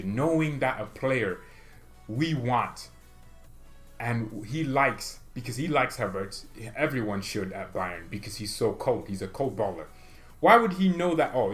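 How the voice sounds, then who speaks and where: A man hosting a football fan channel, talking in a rambling, excitable vlog style full of rhetorical questions. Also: mid-range voice, normal speed, soft background music. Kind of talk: casual vlog commentary.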